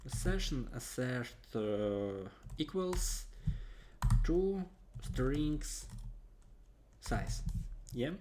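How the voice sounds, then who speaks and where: Slow, halting man explaining code. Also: medium pitch, very animated, noisy background. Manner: halting, frequent hesitations while typing code. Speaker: coding tutorial host. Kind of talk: screen-recorded coding tutorial. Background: keyboard typing and clicks.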